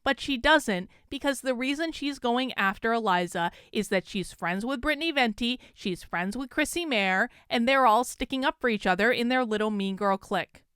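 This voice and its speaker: A woman with a Vermont accent talks fast and pushes her points hard in an indignant commentary. Her voice is fairly high, very smooth and clear. The sound is close and dry. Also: lively intonation, a bit bright, no echo. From Vermont, USA. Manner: indignant, rapid and emphatic. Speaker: commentary YouTuber. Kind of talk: opinionated video commentary.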